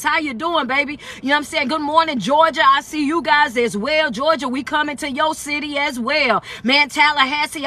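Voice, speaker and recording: A woman motivational speaker hosting a phone live stream while on the road, talking in an energetic, preacher-like call-and-response style and greeting viewers one by one. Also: high voice, no room sound. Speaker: motivational speaker and life coach.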